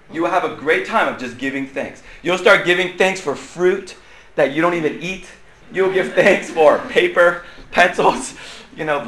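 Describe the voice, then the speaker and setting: A man's voice: fairly high pitch, a bit bright, a little hiss or hum. A man, a pastor teaching Sunday school in a playful, joking way, laughing often and sweating from the effort. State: sweating and loud from exertion. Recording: echoey room, faint ambience.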